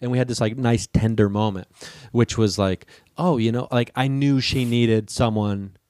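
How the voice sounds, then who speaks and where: A man telling a long personal story in casual talk, lively and profane, acting out the people in it. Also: medium pitch, normal speed, dry recording. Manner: animated, swears freely, acts out the people in his story.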